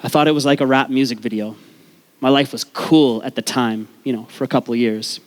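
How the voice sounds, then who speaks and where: A man's voice: medium pitch, fairly even intonation, a little fast. A young man from Canada, telling a comic personal story on stage before a live audience, joking at his own expense and swearing freely. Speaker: speaker at a storytelling event. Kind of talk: comedic personal storytelling talk.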